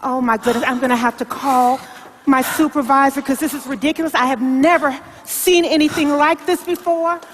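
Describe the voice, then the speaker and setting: A woman plays a check-in agent at an airline counter, her voice high and full of exclamations. She coaxes and preaches encouragement in a motivational comedy skit, and a long reverb hangs behind her. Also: fairly even intonation, normal speed, slight background noise, natural voice. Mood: flustered.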